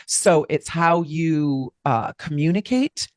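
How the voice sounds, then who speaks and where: A woman astrologer hosting a casual chat, telling stories in an animated, talkative way. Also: low voice, slow, no echo, studio quality. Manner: chatty, animated storyteller. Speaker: astrologer host.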